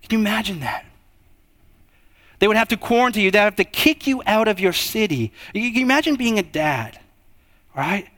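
A young man delivers a sermon with a noticeably high voice. He moves from quiet, drawn-out passages to raised, emphatic stretches. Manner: expressive, swings between hushed and raised delivery. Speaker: preacher.

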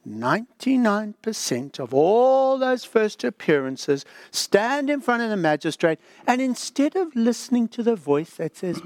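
Dramatic, high, animated older preacher. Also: male voice, unhurried, hardly any pauses. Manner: dramatic, drops to a whisper for the inner voice. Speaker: pastor. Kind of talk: sermon.

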